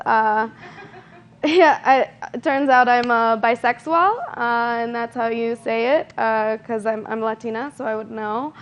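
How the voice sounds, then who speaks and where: A young woman performing a stand-up comedy set, self-deprecating and deadpan, with frequent ums. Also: a little high. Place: comedy stage. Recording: dull lo-fi live recording.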